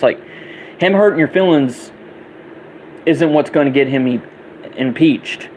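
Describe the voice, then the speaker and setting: A young man in an angry, profane rant that circles back on the same insults. His voice sits at an ordinary middle pitch, with a faint air-conditioner hum in the background. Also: normal speed, long pauses, poor audio. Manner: heated, profane, repetitive ranting. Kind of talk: angry political rant vlog.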